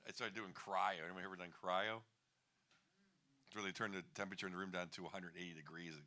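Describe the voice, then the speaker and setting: Wry, bright-voiced stand-up man. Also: low-pitched, steady tone, fast talker. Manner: wry, rambling, chuckles at his own jokes. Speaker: stand-up comedian. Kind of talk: stand-up comedy set. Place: comedy bar stage.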